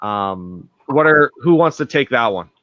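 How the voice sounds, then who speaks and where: A man moderating a panel, reading out a question in a measured way and handing it to the panelists. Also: medium pitch, lively intonation, dry recording. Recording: dull lo-fi audio.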